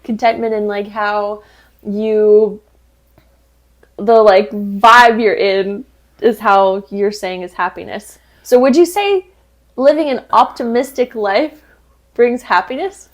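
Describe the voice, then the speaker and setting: A woman co-hosting a podcast in casual chat over drinks, talking fast with lots of fillers and frequent laughter, recorded on an indoor podcast set. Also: mid-range voice. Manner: chatty and giggly, many "like" fillers. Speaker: podcast co-host.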